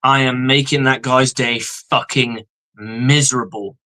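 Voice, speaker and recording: A man's voice: medium pitch, fairly even intonation, measured pace, pushed and bright, rough recording. A man co-hosting a live sports fan stream, giving profane, fired-up football analysis. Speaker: co-host of a sports fan show.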